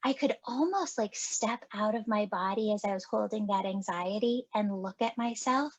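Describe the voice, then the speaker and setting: Animated woman podcast host telling stories. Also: medium pitch, moderate pace, dry recording. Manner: animated, acts out quoted dialogue with laughs. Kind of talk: casual conversational storytelling.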